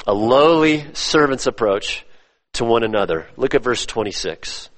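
A man preaching a sermon, emphatic, repeating his phrases and swinging between loud stresses and hushed drops. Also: mid-range voice, animated, moderate pace. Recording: long reverb of a church hall.

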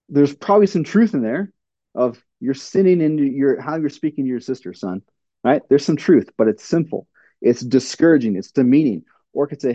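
Earnest male pastor, mellow voice. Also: medium pitch, lively intonation, brisk, no room sound, muffled recording. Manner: earnest, plainspoken, frequent fillers and restarts. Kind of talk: sermon-style teaching with audience questions.

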